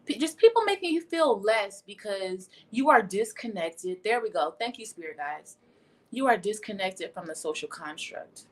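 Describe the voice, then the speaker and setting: A woman's voice: mid-range voice, animated, normal speed. A young woman giving a casual tarot reading on a livestream, blunt and profane as she talks. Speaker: tarot reader. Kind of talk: casual spiritual livestream talk.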